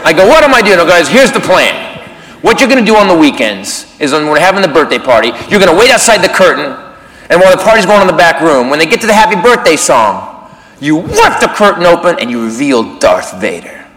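A man telling a stand-up story, shouting his punchlines with animated energy. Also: fairly high pitch, brisk, background noise. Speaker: stand-up comedian. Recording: live club set with loud audience laughter.

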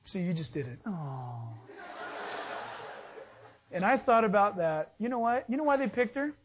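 Middle-aged male pastor, lively storyteller, high voice, sermon. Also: a little slow, background noise. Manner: storytelling, animated, acts out voices in anecdotes.

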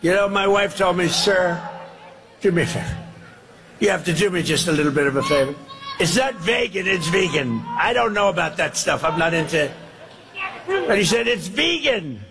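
A man's voice: sits high, expressive, moderate pace, creaky, noisy background. An older man giving a rambling, emphatic, repetitive rally speech, played as a recorded clip. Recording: reverberant hall audio clip.

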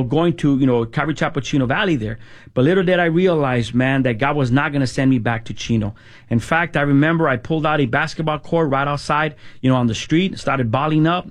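A middle-aged man telling his personal testimony, casual and halting, often repeating words and saying "man". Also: on the high side. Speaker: guest sharing testimony.

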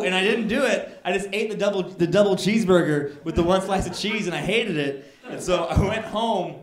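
A man doing stand-up comedy, telling a story with animated, exasperated rants to a live audience. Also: sits high, fast, few pauses. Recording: roomy live club sound, crowd audible.

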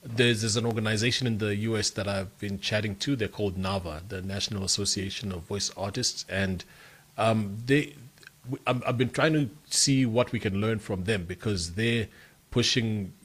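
A voiceover artist from Africa speaking as a radio interview guest, thoughtful and halting, with many repeated words. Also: male voice, fairly low pitch, fairly bright tone.

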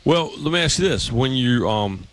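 A man's voice: medium pitch, expressive, normal speed, fairly bright tone, no room sound. A man co-hosting a radio show, chatting casually and telling stories with many restarts. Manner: rambling, storytelling with many restarts.

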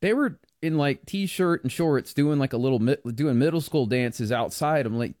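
A man's voice: medium pitch, normal speed, few pauses, darkish tone, no room sound, studio quality. A man co-hosting a talk radio show, rambling and joking through casual political banter with lots of restarts.

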